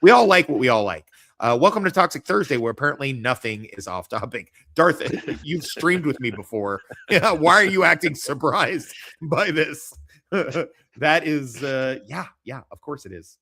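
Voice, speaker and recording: A man's voice: fairly high pitch, expressive, moderate pace, pushed and bright. A man hosting a casual livestream chat, rambling and joking with lots of swearing. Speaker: podcast host.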